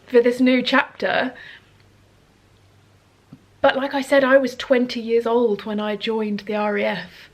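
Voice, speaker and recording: A woman's voice: fairly high pitch, fairly even intonation, measured pace. A woman, chatting earnestly to camera at home as a vlogger. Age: 30s. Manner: earnest, chatty, rambling with fillers. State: emotional, sniffling. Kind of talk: casual chat to camera.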